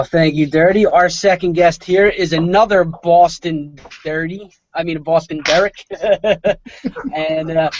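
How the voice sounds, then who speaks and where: A man's voice: a little high, a little mellow. A man with a South Philly accent hosting a podcast in casual chat, crude and laughing a lot. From Philadelphia, USA. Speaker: podcast host. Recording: muffled lo-fi with faint hiss.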